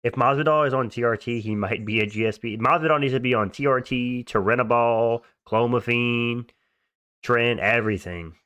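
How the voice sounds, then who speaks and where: A man's voice: medium pitch, normal speed, fairly bright tone, clean tone, no echo. A young man hosting a livestream, chatting casually and answering viewer comments in slangy, offhand talk. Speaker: livestream host.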